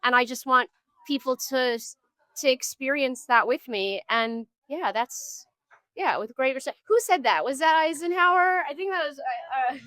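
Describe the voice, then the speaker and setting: A woman's voice: high voice, normal speed, sharp tone, no room sound. A woman musician being interviewed, speaking earnestly and thoughtfully, often trailing off and restarting her sentences. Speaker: musician guest. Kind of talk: street interview. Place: outdoors on a street.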